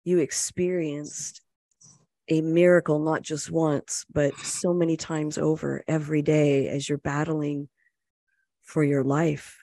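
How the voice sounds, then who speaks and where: Slow, flat-toned interview host. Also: mid-range voice, no echo, studio quality. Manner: warm, affirming listener.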